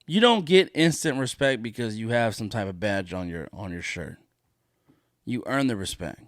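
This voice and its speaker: A man's voice: fairly low pitch, animated, moderate pace, no room sound, studio quality. Profane, indignant man hosting a podcast. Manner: profane, indignant, repeats his points for emphasis. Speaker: podcast host. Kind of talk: solo podcast rant.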